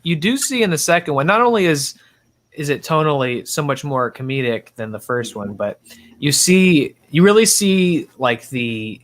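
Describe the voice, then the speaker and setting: Halting man with a lively voice. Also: fairly high pitch. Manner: hesitant, restarts often. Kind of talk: casual film discussion.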